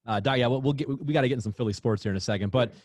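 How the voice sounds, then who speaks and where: A man's voice: mid-range voice, very fast, a little mellow, dry recording, studio quality. A man hosting a podcast interview, talking in a rambling, supportive way. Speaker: podcast host. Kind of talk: casual interview chat.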